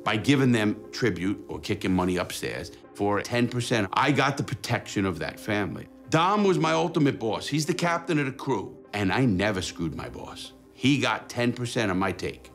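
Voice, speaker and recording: A man's voice: lowish voice, expressive, moderate pace, hardly any pauses, soft background music. A man giving a documentary interview, telling his own story in a blunt, profane way and acting out the dialogue. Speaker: former illegal bookmaker telling his story.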